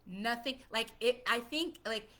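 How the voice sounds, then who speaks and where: Bright-voiced woman telling a story. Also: fairly high pitch, unhurried. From Puerto Rico. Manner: animated, repetitive, conversational storytelling. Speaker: singer telling a childhood story. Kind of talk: personal storytelling monologue.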